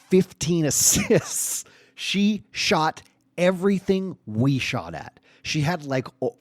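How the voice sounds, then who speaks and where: A man's voice: on the high side, no echo. Man telling stories on a dry mic. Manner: animated, swings from hushed to excited. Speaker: podcast host. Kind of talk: solo casual storytelling.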